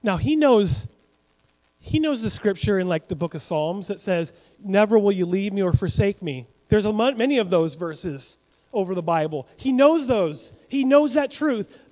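Pastor guy giving a sermon, pretty high voice, loose and chatty, big church echo. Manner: conversational, animated, with frequent restarts and asides to the congregation.

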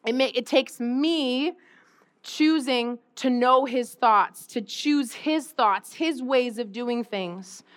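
A woman pastor preaching a conversational sermon, animated and often laughing as she acts out everyday moments. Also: on the high side, slow. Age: adult parent.

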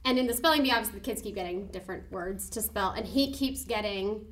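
A woman co-hosting a casual podcast chat, gushing and excitable, often giggling. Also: medium pitch, fast talker. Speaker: podcast co-host.

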